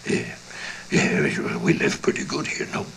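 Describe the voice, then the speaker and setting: A man voicing a hospitable one-legged innkeeper in a dramatized audiobook, with a hushed, musing way of talking. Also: very deep voice, a little slow, a little hiss or hum, voice pushed down, rough recording. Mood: soothing. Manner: hushed, sinister musing, slips into whispers.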